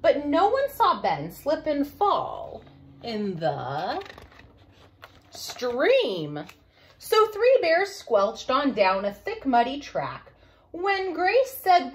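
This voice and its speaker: A woman, a children's librarian, reading a picture book aloud for story time in an expressive way. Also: high-pitched. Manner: expressive, slow, sing-song reading.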